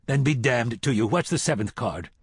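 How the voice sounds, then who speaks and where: A man's voice: mid-range voice, lively intonation, moderate pace, breathy edge, no echo, clean studio sound. A man reading a harsh, grim gunslinger. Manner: harsh and curt. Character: grim, hardened male gunslinger, short-tempered.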